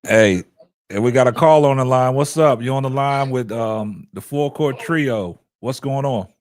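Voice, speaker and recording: A man hosting a casual livestream talk show, loose and lively, reading out viewer donations and taking calls. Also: medium pitch, a little slow. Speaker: show host.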